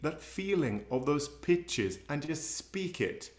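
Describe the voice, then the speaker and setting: Slow, patient male teacher. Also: fairly high pitch, lively intonation, echoey room, loud music behind the voice. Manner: patient, laughs often, models words slowly. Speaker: Swedish language teacher. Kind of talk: live classroom presentation. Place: presentation room with slides.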